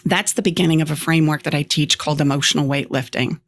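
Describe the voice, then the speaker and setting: A woman relationship coach explaining her method in an animated, emphatic way, often acting out lines she would say. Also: deep voice, fast, slight background noise. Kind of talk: guest explaining on a talk show.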